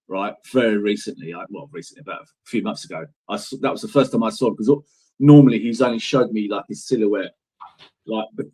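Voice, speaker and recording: A man's voice: medium pitch, darkish tone, husky, rough recording. A middle-aged man, a guest in an interview, telling stories in a rambling, emphatic way and swearing freely. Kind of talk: casual storytelling in an interview.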